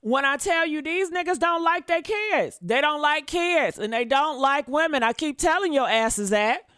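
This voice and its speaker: A woman's voice: sits high, expressive, moderate pace, a bit bright, no room sound, clean studio sound. A woman hosting a live stream, commenting bluntly and sassily and reading viewer comments aloud. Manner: blunt, sassy, talks straight to viewers. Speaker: livestream commentator.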